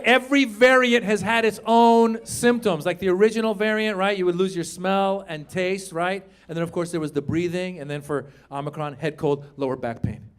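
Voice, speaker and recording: A man in his fifties works a live comedy crowd with a high, lively voice. He acts out little scenes and bursts into shouts on the punchlines, with faint noise from the room behind him. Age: 50s. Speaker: stand-up comedian. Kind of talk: stand-up comedy set with crowd work.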